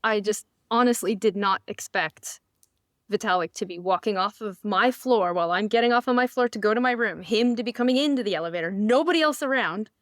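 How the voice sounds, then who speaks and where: A woman from Canada co-hosting a podcast in casual chat, an animated storyteller who acts out the voices in her stories. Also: medium pitch, fairly quick, no echo, clean studio sound. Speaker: guest co-host.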